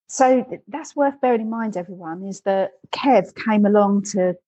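A woman's voice: mid-range voice, normal speed, warm tone, highs cut off. A woman hosting a podcast interview, chatty and encouraging, often speaking straight to listeners. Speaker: podcast host and running club organiser. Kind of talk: casual interview.

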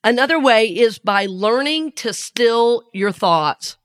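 A woman's voice: fairly high pitch, animated, takes it slowly. Southern woman, earnest spiritual host. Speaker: podcast host and spiritual teacher. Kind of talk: spiritual podcast talk.

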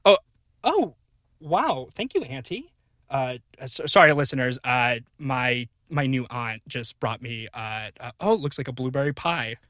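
A man co-hosting an improvised comedy podcast, excitable and rambling, breaking into laughter. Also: mid-range voice, measured pace, dry recording, clean studio sound. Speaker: podcast co-host.

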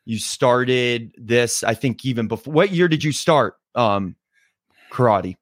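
A young man hosts a casual podcast interview with an upbeat, friendly manner. His voice sits at a middle pitch and sounds close and dry, with no room around it. He fills his questions with easygoing asides. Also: unhurried, no echo. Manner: friendly, upbeat, many fillers like "you know" and "right". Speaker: podcast host.

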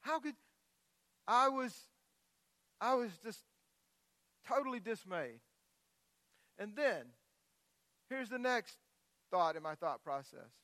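A middle-aged man preaching a sermon as a pastor, moving from quiet scripture reading into loud, impassioned outbursts. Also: very high-pitched, animated, slow pace, pauses often, dry recording.

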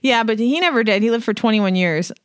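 A young adult woman co-hosting a podcast, telling an animated story in casual chat and swearing freely. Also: a little high, a little fast, clean tone, dry recording, clean studio sound. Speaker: podcast co-host.

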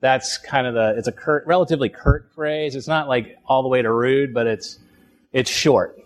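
A man's voice: medium pitch, normal speed. A man teaching a Bible lesson in a conversational way, often restarting phrases and checking in with "right?".

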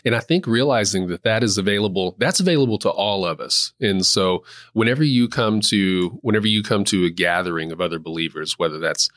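A man with a low voice hosts a casual Bible study discussion in a measured way. He puts questions to his co-host and affirms him gently. The sound is dry and close-miked. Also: no echo. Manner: measured, reads scripture aloud and asks questions, gentle affirming fillers. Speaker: church host.

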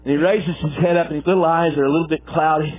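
Folksy preacher, high and husky. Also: male voice, rapid-fire, narrow, tinny audio. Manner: folksy, animated storytelling with acted-out quotes. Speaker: pastor and former football coach. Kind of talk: sermon with storytelling.

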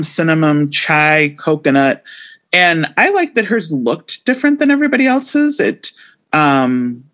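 A woman's voice: low voice, fairly bright tone. A woman in her forties co-hosting a casual chat about a baking show, talking with frequent ums and trailing thoughts. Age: 40s. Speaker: podcast co-host.

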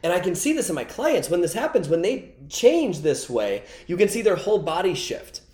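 A man's voice: sits high, sing-song, moderate pace, warm tone, echoey room. A man teaching a recorded course lesson, energetically telling a story and acting out quoted dialogue. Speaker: online course coach.

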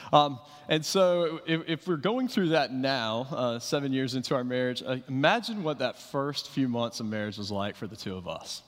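A man preaching a sermon, talking conversationally with fillers and restarts as he tells stories. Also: medium pitch. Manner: conversational storytelling with fillers and repeated starts. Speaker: pastor. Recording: reverberant hall.

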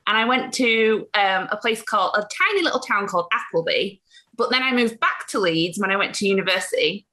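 Bright, cheerful Yorkshire woman. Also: medium pitch, animated, a little fast. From England. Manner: cheerful, laughs easily. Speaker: guest. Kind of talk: casual interview chat.

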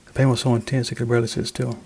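Give me a man reading his own short story with a steady, dark, mellow voice. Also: mid-range voice, very fast, slight background noise, poor audio. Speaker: author reading his fiction.

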